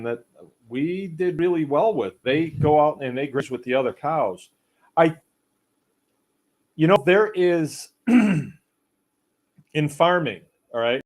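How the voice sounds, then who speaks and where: A middle-aged man hosting a casual chat, rambling in a folksy way and reading viewer comments aloud. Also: on the high side. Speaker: podcast host. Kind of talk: casual live-stream chat.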